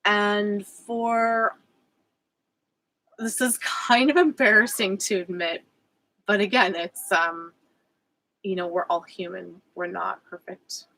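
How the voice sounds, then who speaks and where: A woman's voice: mid-range voice, fairly even intonation, slow, vocal fry, pauses often, pushed and bright, poor audio. A woman speaking as a spiritual coach in a personal vlog, candid and reflective, with frequent fillers and self-corrections. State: emotional.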